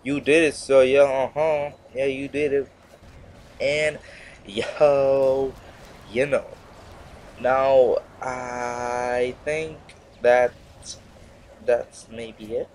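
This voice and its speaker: A teenage boy rambles through commentary on his own gameplay, trailing off and restarting with a sarcastic edge. His voice sits in an ordinary middle pitch, with a faint hiss of noise underneath. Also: fairly even intonation, very slow, pauses often, darkish tone. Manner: rambling, sarcastic, self-interrupting. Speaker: gaming commentator.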